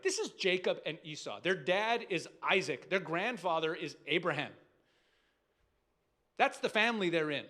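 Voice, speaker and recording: A man's voice: sits high, fairly bright tone. A man, a rabbi, preaching in a conversational, emphatic way, asking rhetorical questions and restarting sentences. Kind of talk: sermon.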